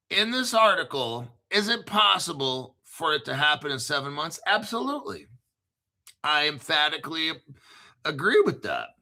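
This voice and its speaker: A man in his fifties hosts a crypto video, ranting casually in a blunt, profane, combative way and repeating himself for emphasis. His voice is fairly high-pitched, creaky, and sharp in tone.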